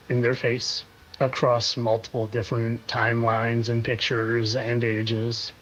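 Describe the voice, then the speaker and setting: A man hosting a monologue video, talking in a sarcastic, insinuating way and repeating phrases for effect. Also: medium pitch. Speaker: conspiracy video host. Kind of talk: monologue over clips. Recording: dull lo-fi sound.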